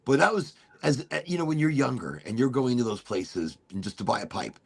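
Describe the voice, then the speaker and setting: A man's voice: medium pitch, very animated, fairly quick, vocal fry, darkish tone, breathy edge. A middle-aged man hosting a casual chat show, rambling freely with laughs and swearing. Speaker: podcast host.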